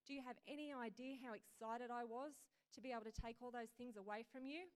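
A woman's voice: a little high, brisk, natural voice. A woman voicing Jesus as a firm, insistent man while reading a dream story aloud in a sermon. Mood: joyful. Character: stern then joyful male Jesus, insistent.

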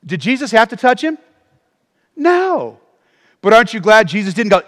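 A man preaching a sermon as pastor, animated and calling for responses from the congregation. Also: sits high, quick pace, big-room sound. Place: church auditorium.

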